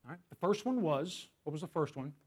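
A pastor with a fairly high voice and lively intonation preaches a sermon, putting questions to the congregation. He slows down on key phrases and swings between loud emphasis and hushed whispers.

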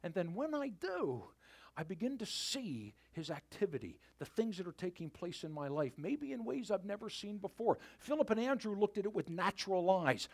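A pastor preaching to his church, his voice pitched high and swinging widely as he tells the story. He animates the telling and then drops to a hushed near-whisper to land his point. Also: sing-song, normal speed. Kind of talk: sermon.

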